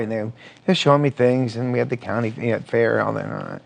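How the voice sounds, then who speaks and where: A middle-aged man being interviewed as a guest filmmaker, telling stories with lively acted-out quotes. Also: medium pitch, quick pace, vocal fry. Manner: animated storyteller, acts out quotes. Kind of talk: conversational TV interview. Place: TV studio.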